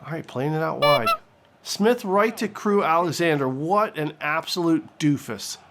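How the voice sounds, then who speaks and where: A man doing comedic play-by-play commentary over his football video game, excitable and crude, shouting on big plays. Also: a little high, a little slow, noisy background. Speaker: gaming commentator.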